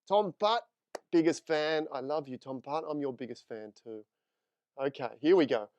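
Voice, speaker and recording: A man's voice: fairly high pitch, normal speed, a little mellow, clear, resonant tone, muffled recording. A man teaching photo editing in a live screen-share tutorial, chatting with viewers as he works. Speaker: photography instructor.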